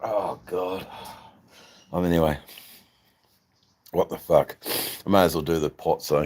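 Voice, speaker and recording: A man's voice: low voice, slow, long pauses, background noise. An Australian man hosting a casual livestream, rambling and swearing as he chats to viewers. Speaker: livestream host.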